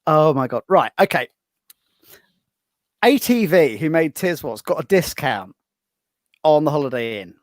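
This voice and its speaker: A man's voice: on the high side, a little slow, pauses often, no echo. A man, a podcast guest and author, telling anecdotes in casual chat, restarting his sentences as he goes. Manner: lively storyteller with frequent restarts.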